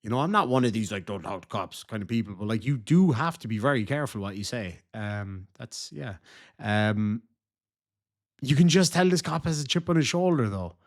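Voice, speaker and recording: A man's voice: mid-range voice, animated, moderate pace. An Irish man hosting a reaction video, commenting casually in a chatty, rambling way and often correcting himself.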